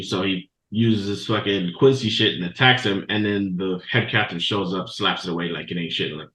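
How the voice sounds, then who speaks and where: A man hosting a podcast, recapping a show in a loose, profane, animated storytelling way. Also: on the low side, moderate pace. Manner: profane, animated storytelling with laughs and quoted voices. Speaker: podcast host. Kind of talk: casual recap of an anime episode. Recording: echoey room.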